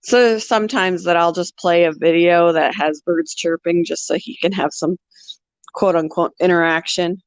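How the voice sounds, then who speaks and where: A woman's voice: on the low side, steady tone, moderate pace, no echo. Woman host, casual livestream chatter, laughs a lot, dry close lo-fi sound. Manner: chatty, laughing often, answering viewer comments. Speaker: pet channel host. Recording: dull lo-fi sound.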